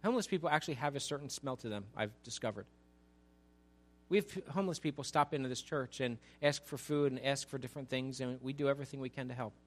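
This fast-talking pastor preaches in a medium-pitched male voice, chatting with the congregation through asides and working up to a forceful, louder climax.

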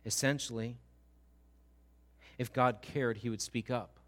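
Bright-voiced male pastor preaching. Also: medium pitch, fairly even intonation, measured pace. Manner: conversational, emphatic, asks the audience questions. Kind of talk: sermon.

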